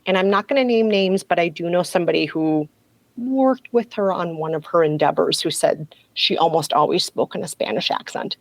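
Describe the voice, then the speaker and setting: A woman's voice: lowish voice, expressive, moderate pace, dry recording, poor audio. A woman podcast host recounting a story in a wry, gossipy, casual way.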